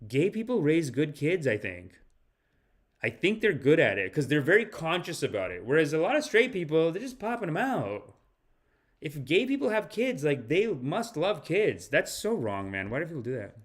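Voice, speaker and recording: A man's voice: fairly high pitch, normal speed. A man hosting a podcast, giving casual comedic commentary and mocking the news he reacts to. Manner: animated, mocking, breaks into impressions. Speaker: podcast host.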